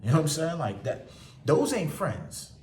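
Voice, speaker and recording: Man, blunt motivational vlogger, swears freely, lively swooping delivery, echoey and a little far off. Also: on the high side, moderate pace, slight background noise. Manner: blunt, profane, animated, acts out quoted people. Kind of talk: casual motivational monologue. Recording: roomy sound from away from the mic.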